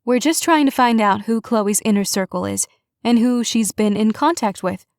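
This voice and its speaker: A woman narrator voicing a curious young woman investigator who reasons aloud briskly. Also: on the high side, dry recording, studio quality, lightly acted. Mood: thoughtful. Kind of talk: audiobook character reading.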